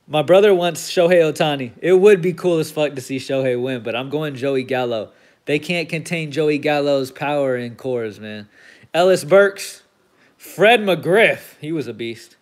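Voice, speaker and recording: This is a card break stream host with a high voice, unhurriedly reading out every player's name as he opens packs. Big pulls get him excited, and he swears in a casual way throughout.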